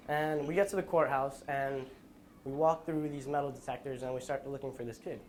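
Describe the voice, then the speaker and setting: A young man giving a school presentation, telling a personal story in an earnest, halting way with restarts, sounding tired. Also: medium pitch, steady tone, a little hiss or hum. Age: young adult. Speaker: student presenter.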